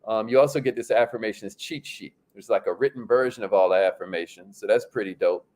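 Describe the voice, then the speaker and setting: A man's voice: lowish voice, fast talker, a little mellow. A man hosting a livestream in an upbeat, slangy, casual way, reading out viewer comments and laughing often. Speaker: livestream host.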